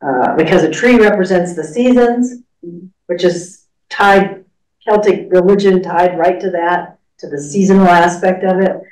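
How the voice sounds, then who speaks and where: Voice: medium pitch, unhurried, darkish tone. A class leader teaching a church study class, talking in a conversational, rambling way with fillers. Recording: echoey room, far from mic.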